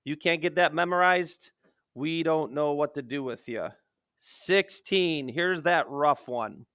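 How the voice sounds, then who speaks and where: A man's voice: on the high side, slow, a bit bright, clean tone, no room sound, clean studio sound. A man, a math teacher, talking through a geometry lesson in a joking, self-deprecating way, swinging from playful outbursts to muttered asides.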